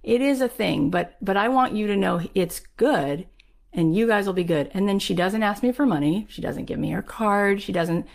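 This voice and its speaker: A woman, telling a personal story in an animated way and acting out the voices she quotes. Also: mid-range voice, normal speed, vocal fry.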